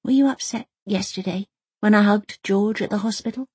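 Narrator doing a spirited young girl, raised pitch, stubborn, pointed questions, husky, dry close sound. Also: normal speed, darkish tone, no room sound. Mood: probing. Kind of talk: audiobook character voice.

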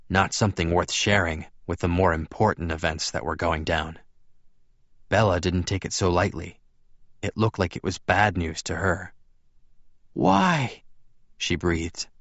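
Low-voiced male audiobook narrator. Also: a bit bright, dry recording. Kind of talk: first-person fiction narration. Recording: slightly dull dry studio recording.

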